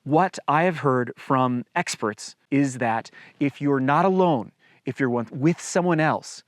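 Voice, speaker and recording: Relaxed man giving outdoor safety advice, dry sound. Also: on the high side, no echo. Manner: relaxed, conversational, lightly joking. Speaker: outdoor guide and vlogger. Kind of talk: casual explanatory talk to camera.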